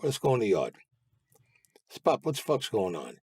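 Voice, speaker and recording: A man's voice: on the low side, wildly swooping pitch, moderate pace, darkish tone, slightly rough, no room sound, studio quality. A man being interviewed who tells stories in a blunt, profane way and acts out the lines of the people in them. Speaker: guest recounting past crimes. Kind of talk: storytelling interview.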